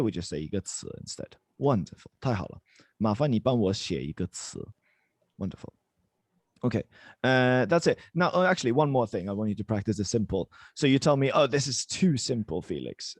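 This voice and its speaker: A man's voice: on the low side, no echo. A man teaching a Mandarin lesson over a video call, encouraging and switching between English and Chinese. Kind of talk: online language lesson.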